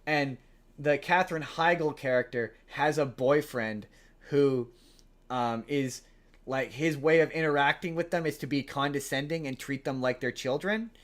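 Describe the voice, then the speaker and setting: A man hosting a podcast, casually retelling a film plot in a rambling, animated way. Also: mid-range voice, measured pace. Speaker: podcast host. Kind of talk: casual chat.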